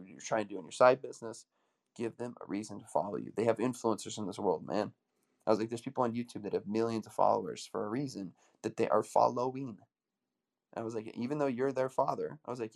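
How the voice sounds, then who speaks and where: Man, coach, motivational talk, rapid delivery, low-pitched, gravelly, energetic storyteller. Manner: energetic storytelling, acts out quoted dialogue.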